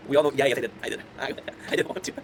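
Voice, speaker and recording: A man in his twenties talks very fast in a mid-range voice while streaming to chat as a content creator. Casual and often laughing, he tells rambling stories to his viewers, with background noise present.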